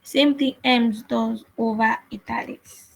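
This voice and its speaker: Woman, coding instructor, husky airy tone, patient repetitive explaining, tutorial narration. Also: on the high side, fairly even intonation, slow, poor audio. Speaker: web development instructor. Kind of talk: screen-share coding tutorial.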